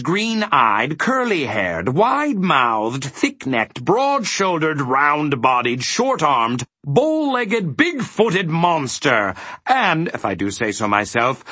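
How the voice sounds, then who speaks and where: A man voicing a deceitful little male creature who shouts bad advice and boasts loudly. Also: a little high, slightly rough, no echo, full character voice. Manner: shouting bad advice, gleeful then cold.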